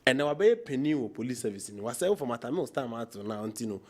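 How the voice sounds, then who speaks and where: A Ghanaian man with a mid-range voice speaks quickly and very animatedly on a political talk show. He argues with passion, switching between Twi and English.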